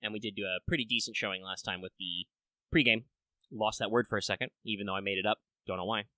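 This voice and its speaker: Bright-voiced rambling podcast host man. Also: on the low side, steady tone, fast, no room sound. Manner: rambling, many filler words and restarts. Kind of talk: casual podcast chat.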